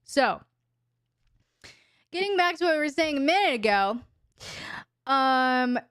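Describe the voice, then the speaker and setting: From home, a woman hosts a live Q&A stream, speaking frankly and casually into a desk mic and chatting away, even baby-talking to her dog. Her voice sits high and a bit bright, with lively intonation and an unhurried delivery. The audio is studio quality with no room sound.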